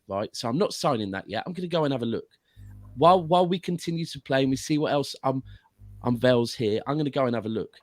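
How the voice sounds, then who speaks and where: Man, guest pundit, casual football analysis, long explanations, mid pitch, dry sound. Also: lively intonation, brisk, a little mellow, no room sound. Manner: explanatory, long runs of reasoning with restarts.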